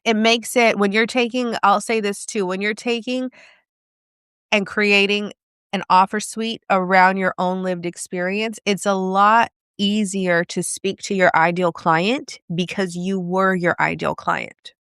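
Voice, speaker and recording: A woman's voice: medium pitch, fairly even intonation, a little slow, fairly bright tone, smooth, no echo, studio quality. A woman business coach talking casually and directly in a live video, asking her viewers many questions.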